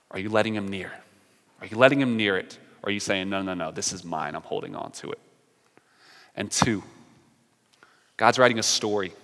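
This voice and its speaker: Earnest preacher with a bright voice. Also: male voice, on the low side, big-room sound. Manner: earnest, swings from emphatic to hushed. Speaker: pastor. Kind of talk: sermon.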